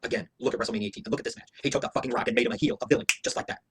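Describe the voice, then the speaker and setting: A man's voice: mid-range voice, rapid-fire, noisy background. A man giving a heated, profane, opinionated review rant as a wrestling show reviewer, hammering his points with emphatic repetition.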